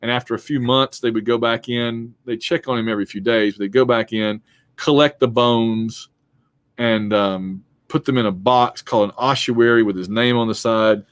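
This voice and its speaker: A man's voice: medium pitch, steady tone, normal speed, clear, resonant tone, no echo. Man, history instructor, chatty lecture with jokes, yawning, dry close sound. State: yawning and hiccuping. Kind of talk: recorded online lecture. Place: home basement.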